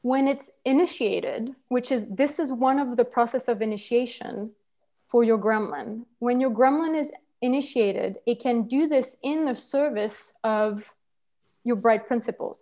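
Speaking in a warm, fairly high voice, a workshop facilitator gives a teaching talk on personal growth. She's earnest but gropes for words, using fillers and starting over.

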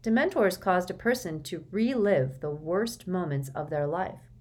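Female audiobook narrator, lower voice, measured and steady delivery. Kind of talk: scripted narration.

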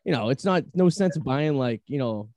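A man's voice: medium pitch, expressive, moderate pace, mellow, no echo, studio quality. A man with a Boston accent hosting a casual podcast, talking in rambling, offhand runs. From Revere, Massachusetts. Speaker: podcast host.

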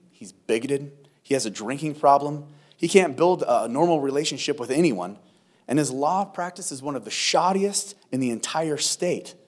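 A male preacher voicing a sharp-tongued old woman witness in a courtroom joke, delivering her words as a blunt scolding. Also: a little high.

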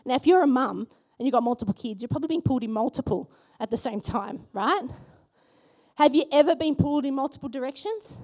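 A woman pastor preaching a sermon in church, animated and asking the congregation questions. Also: sits high, brisk.

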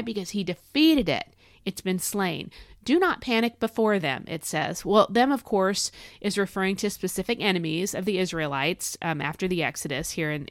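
A woman's voice: medium pitch, dry recording, clean studio sound. A middle-aged woman hosting a devotional podcast, talking with earnest emphasis and reading scripture to her listeners. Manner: earnest, emphatic, lively encouraging delivery. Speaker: podcast host. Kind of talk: devotional podcast talk, reading Bible verses.

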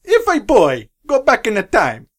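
A man's voice: sits high, huge pitch swings, moderate pace, a bit bright, slightly rough, exaggerated voice. A man voicing a fretful old Italian Pope in a put-on exaggerated Italian accent, pleading in broken English.

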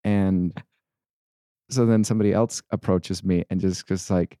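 A young man co-hosting a casual podcast, telling a rambling story with halting restarts. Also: sits low, fairly even intonation, dark tone, no room sound, studio quality. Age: young adult. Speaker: podcast co-host.

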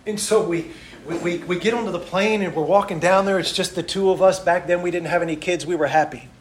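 A middle-aged man, a missionary preacher, delivering a sermon in emphatic rhythmic lists that swing from loud to hushed. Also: high-pitched, fairly even intonation, fairly quick, roomy sound, slight background noise.

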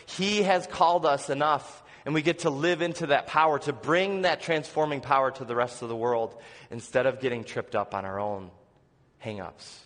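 A male pastor preaching an earnest sermon, asking the congregation questions and dropping to soft, low lines. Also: moderate pace, in a large hall. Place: church sanctuary.

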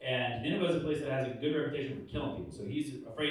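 Storytelling pastor type, animated and funny, in a very echoey room. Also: male voice, mid-range voice, rapid-fire. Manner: animated, humorous storytelling with acted-out quotes. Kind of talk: casual preaching talk. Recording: echoey room, far from the mic.

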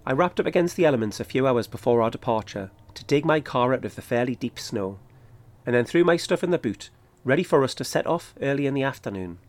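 Male podcast host reading a first-person account, even and matter-of-fact, mid voice. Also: mid-range voice, fast. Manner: steady, matter-of-fact storytelling. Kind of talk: scripted first-person narration.

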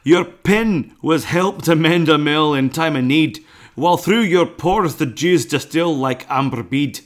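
A man playing a brash, rowdy ogre with a hammy mock-Scottish brogue, raised high and loud. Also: unhurried, lightly acted. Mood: hammy recital. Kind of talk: comic impression on a podcast.

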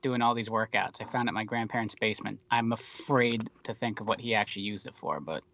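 A man's voice: fairly low pitch, fast talker, vocal fry, fairly bright tone, muffled recording. A man co-hosting a podcast in casual chat, making dry, wry remarks. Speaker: podcast co-host.

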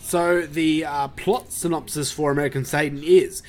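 A man's voice: on the high side, fairly even intonation, moderate pace. A laid-back man chats casually about a film, stumbling through fillers and swearing freely. Faint music plays behind him. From Australia. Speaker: podcast host reviewing a film. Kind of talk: casual chat.

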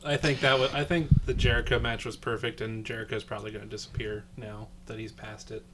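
A man's voice: lowish voice, flat delivery, fast. A man in a casual chat, giving blunt, short reactions. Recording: noisy with clicking.

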